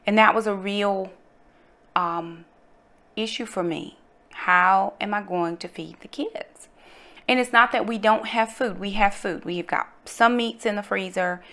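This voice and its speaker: A middle-aged woman tells her viewers a story in a lively, testifying way, sprinkling in y'all. Her voice has a bright, forward tone at a middling pitch. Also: measured pace. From North Carolina, USA. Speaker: vlogger, mother. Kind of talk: casual storytelling.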